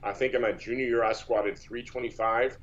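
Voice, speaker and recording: Brief: male interview guest, mid-pitched, meandering storyteller, dull lo-fi audio. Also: fairly even intonation, a little fast. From Texas. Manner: rambling, with many false starts and repeats. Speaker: powerlifter guest.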